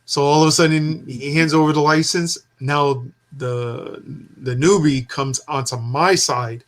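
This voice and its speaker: A man in casual conversation, telling an animated story and acting out the dialogue. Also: a little high, measured pace. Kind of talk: casual chat.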